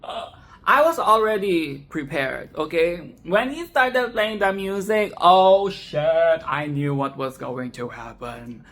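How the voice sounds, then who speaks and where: A woman giving a casual, animated film commentary, swearing, laughing and repeating phrases for emphasis. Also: lowish voice, slow. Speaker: film review vlogger.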